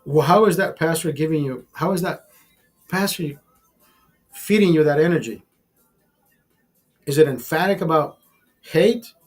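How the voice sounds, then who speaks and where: A man's voice: fairly high pitch, measured pace, long pauses, soft background music. A man hosting a casual livestream, ranting in a heated, preachy way and swearing often. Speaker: livestream host. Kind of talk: casual talk to a live chat.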